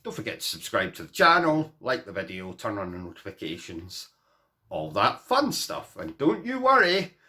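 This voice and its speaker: A man chats to camera, spinning a comic personal story with a bright, forward tone. His pitch swings up and down as he rambles through asides, poking fun at himself. He sounds like a casual vlogger talking to his viewers. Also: moderate pace. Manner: animated, self-mocking, rambling with asides.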